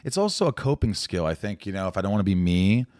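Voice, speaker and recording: A man chatting as a podcast guest, telling animated stories. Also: low voice, fast, no room sound, clean studio sound. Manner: animated storyteller who slips into celebrity impressions. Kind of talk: casual chat with impressions.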